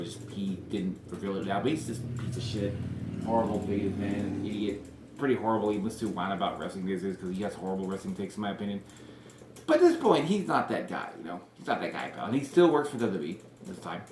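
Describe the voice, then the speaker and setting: A man with a low voice talks through wrestling storylines in a loose, rambling way, leaning on "like" and "you know" and swearing bluntly. His voice rings in a roomy, echoey space, with a faint hiss behind it. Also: lively intonation, quick pace, darkish tone. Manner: rambling, full of "like" and "you know", acts out quotes. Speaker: wrestling fantasy-booking vlogger. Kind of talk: casual rambling monologue. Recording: roomy echo.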